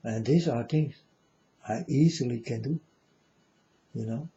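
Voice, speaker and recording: A man of medium pitch speaks unhurriedly in a mellow voice, and the recording has its highs cut off. Casting himself as a spiritual speaker, he rambles through a casual, profane monologue, repeatedly saying "you know" in non-native English.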